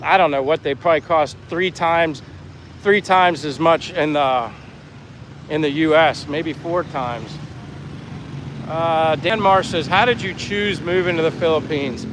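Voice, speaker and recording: A man's voice: on the high side, unhurried. Fifties male vlogger from Pennsylvania, friendly rambler, slightly raised voice, phone mic outdoors with faint wind noise. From Pennsylvania, USA. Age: 50s. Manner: rambling and friendly, reads chat comments aloud. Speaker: vlogger, live-stream host. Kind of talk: casual live-stream chat while walking. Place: outdoors by the sea in a town. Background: breeze and faint street and boat sounds.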